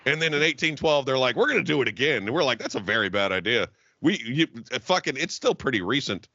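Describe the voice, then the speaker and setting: Bright, lively American man ranting. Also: medium pitch, fast, no echo, highs cut off. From United States. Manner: profane, rowdy ranting with laughter. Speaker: podcast co-host. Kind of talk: casual chat.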